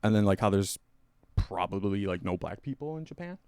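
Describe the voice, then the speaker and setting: Low-voiced rambling young man, dry sound. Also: expressive, a little fast, a little mellow, clean tone, no room sound. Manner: rambling, self-deprecating, mumbly. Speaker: podcast co-host. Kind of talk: casual chat.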